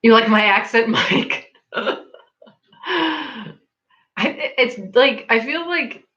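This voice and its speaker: A woman's voice: on the high side, expressive, very slow, pushed and bright, dull audio. A woman from Massachusetts with a local accent between Boston and Rhode Island, chatting casually on a livestream, reading comments, laughing often and filling her talk with "like". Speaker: livestream host.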